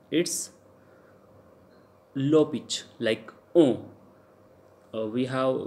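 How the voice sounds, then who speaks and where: A man's voice: medium pitch, darkish tone. A man with an Indian English accent teaching French pronunciation in a recorded lecture. He repeats each example sound several times and hesitates with fillers.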